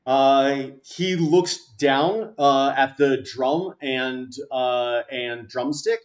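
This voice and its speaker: A man narrating as game master of a tabletop game, halting and full of filler sounds. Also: mid-range voice, lo-fi sound.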